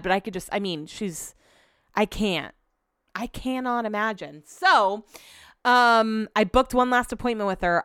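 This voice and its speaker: A woman talks through a personal story on her solo podcast, rambling and emotional as she quotes both sides of a conversation. Her voice is smooth and clear, recorded close and dry with no room sound. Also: medium pitch, sharp tone, no room sound. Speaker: podcast host.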